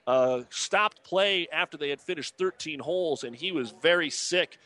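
A man's voice: on the high side, moderate pace, bright, forceful tone, dry recording. A man hosting casual sports radio talk, opinionated and loose with lots of filler words. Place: outdoors at a golf course.

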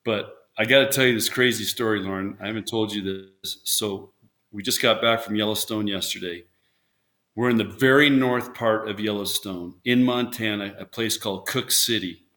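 With a lowish, sharp voice and fairly even intonation, this man speaks at a moderate pace. He used to coach volleyball, and in a casual interview he rambles through stories, restarting often and performing the quotes.

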